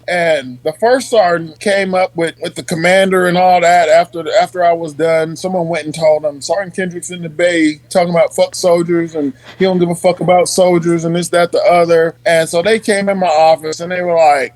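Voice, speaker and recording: A man's voice: high voice, fairly quick, few pauses, low-quality recording. A man, telling profane army stories in a casual chat and acting out the quotes. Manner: profane, animated storyteller who acts out quotes. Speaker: podcast guest.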